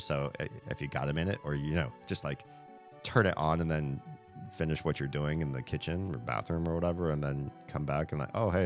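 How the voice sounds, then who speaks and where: A man streaming live and chatting casually with viewers, rambling, with many "like" fillers. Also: low-pitched.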